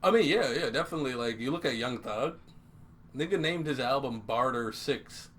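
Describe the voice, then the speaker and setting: A young man in casual podcast chat, loose and profane, laughing through his stories. His voice sits at an average pitch, with a faint hiss under the recording. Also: lively intonation, normal speed, fairly bright tone. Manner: laughing, profane, jokey banter. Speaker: podcast co-host. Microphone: headphones and studio mic.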